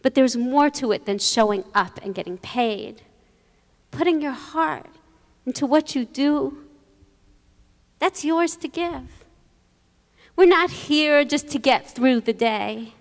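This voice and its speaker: A woman rabbi giving a holiday sermon, telling stories with quoted voices and gentle humor. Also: sits high, animated, slow pace, long pauses. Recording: long reverb in a large hall.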